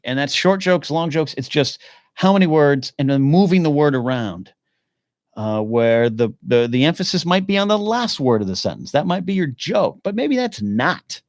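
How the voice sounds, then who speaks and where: A man hosting a live podcast in casual chat, answering questions from viewers as he goes. He rambles, restarts and thinks out loud, and his voice sits mid-range. The sound is dry and close. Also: medium pitch, no echo. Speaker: podcast host.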